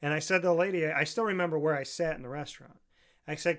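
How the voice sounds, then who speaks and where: Young guy hosting a chat show, kinda high voice, gets really animated telling stories. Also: fast. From central New York. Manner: animated storyteller, acts out voices in anecdotes. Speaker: podcast host. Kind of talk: casual chat.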